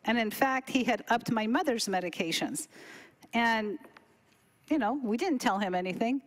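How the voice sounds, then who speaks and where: A woman's voice: on the high side, animated, normal speed. A middle-aged woman telling a story casually, acting out quoted dialogue with big jumps in her voice. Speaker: cooking demo presenter.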